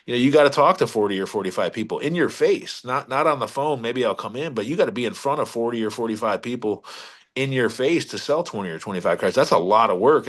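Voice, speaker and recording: A middle-aged man who leads a car dealership speaks as a podcast guest in a casual interview, his mid-range voice fairly bright. His salty, blunt sales talk is emphatic, with repeated words and sentences he restarts along the way.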